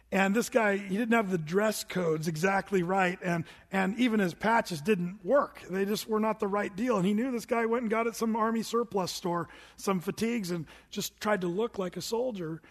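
A man's voice: high-pitched, fairly even intonation, normal speed, few pauses. Man, pastor, conversational sermon, questions to the congregation, reverberant church hall. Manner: conversational storytelling preaching, asks the congregation questions.

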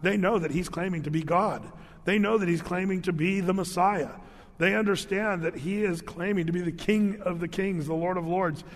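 A man preaching a sermon, telling the story with animated rhetorical questions to his listeners. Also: high-pitched, normal speed. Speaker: pastor. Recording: long hall reverb.

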